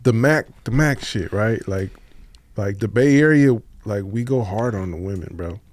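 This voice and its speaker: A man's voice: on the low side, moderate pace. A man hosting a podcast in casual chat, eager and affirming, throwing in lots of "yeah, bro.". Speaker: podcast host.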